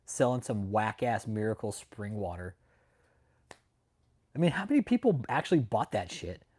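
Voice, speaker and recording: A man's voice: fairly low pitch, very animated, normal speed, darkish tone. Profane, mocking livestream host, a man. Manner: profane, mocking, laughs often; greets chat viewers by name. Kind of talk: casual livestream commentary.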